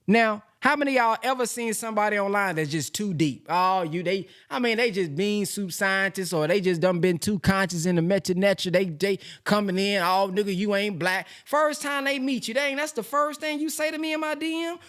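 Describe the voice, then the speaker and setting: High-voiced, lively man teaching sales. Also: a little fast, few pauses. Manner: lively, talks straight to the audience, casual slang. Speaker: presenter teaching a sales system. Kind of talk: animated slide-based lesson to an audience.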